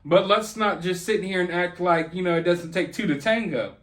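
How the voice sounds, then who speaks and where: A man with a notably high voice rants through celebrity gossip commentary. He sounds indignant and sarcastic, piling on jabs as he goes. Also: moderate pace, fairly bright tone. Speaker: channel host.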